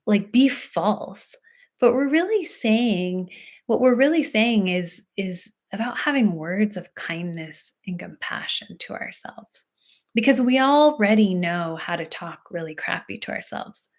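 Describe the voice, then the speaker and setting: Woman coach, unhurried, soothing and reassuring delivery, mid-pitched. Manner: soft-spoken and reassuring, with frequent "like" and "right?". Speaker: intuitive love guide. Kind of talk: slow, gentle coaching talk to camera.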